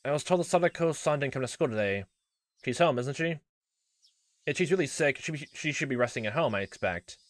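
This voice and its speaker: A man voicing a courteous, persistent child welfare official on the phone, formal and steady. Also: medium pitch, brisk, no echo, pitched above the performer's own voice, natural voice.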